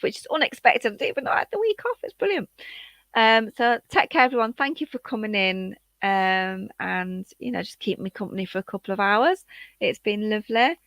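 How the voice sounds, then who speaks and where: A woman with a bright, forward voice chats casually on her livestream. She talks to viewers in a relaxed, friendly way. The sound is dry and close, with no room around her. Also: medium pitch, vocal fry, no echo. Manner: chatty, warm sign-offs to viewers. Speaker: livestream host. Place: at home, late at night.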